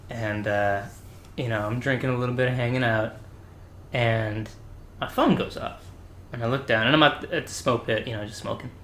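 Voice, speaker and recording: Young man, casual crude storyteller, echoey room. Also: medium pitch. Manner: animated, crude, laughing storyteller. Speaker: podcast guest. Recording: echoey room, faint background noise.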